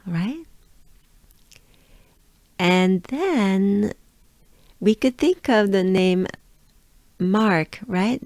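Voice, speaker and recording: Slow French woman coaching pronunciation. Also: lowish voice, vocal fry, darkish tone, dry recording. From France. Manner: slow, drawn-out syllables repeated for practice; encouraging, coaxing listeners to repeat along. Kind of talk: pronunciation lesson.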